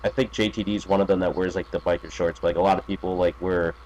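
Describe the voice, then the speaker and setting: Rambling low-voiced man. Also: flat delivery, fast talker, darkish tone, slight background noise, rough recording. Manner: rambling, filler-heavy, profane. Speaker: podcast guest. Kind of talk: casual podcast chat.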